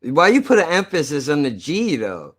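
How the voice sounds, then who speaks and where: A man's voice: a little high, huge pitch swings, moderate pace, a bit bright. Profane man with a South Jersey accent. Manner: loose and profane, talks to chat. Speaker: streamer. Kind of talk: casual live-stream chat.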